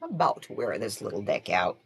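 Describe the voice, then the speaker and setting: Woman, live-stream tarot host, chatty and easy to laugh, with a very lively pitch. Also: a little fast, creaky, slightly rough. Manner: chatty, laughs often, greets viewers by name. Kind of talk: casual live-stream chat with viewers.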